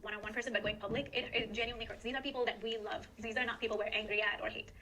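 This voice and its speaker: A woman's voice: a little high, fairly even intonation, rapid-fire, sharp tone, slight background noise, rough recording. A mother giving an earnest, emotional personal statement about her family. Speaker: guest in a recorded statement. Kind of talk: personal testimony.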